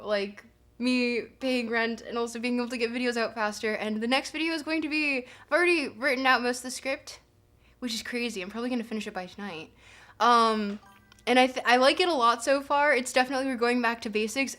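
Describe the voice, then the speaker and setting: Her voice fairly high and fairly bright, a woman streamer chats loosely with viewers on a livestream. Giggling and rambling, she leans on plenty of filler words.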